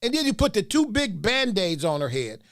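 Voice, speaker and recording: A man hosting a podcast, mocking video clips with loud laughter and comic commentary. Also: high-pitched, normal speed, no echo, clean studio sound. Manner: mocking, laughs a lot, animated. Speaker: podcast host. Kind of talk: comedic commentary.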